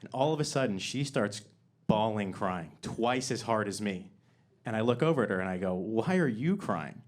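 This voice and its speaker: Deadpan young man doing stand-up. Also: fairly low pitch, moderate pace. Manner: deadpan sincere build-ups that burst into loud punchlines. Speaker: stand-up comedian. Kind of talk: stand-up comedy set. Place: theater stage before a live audience.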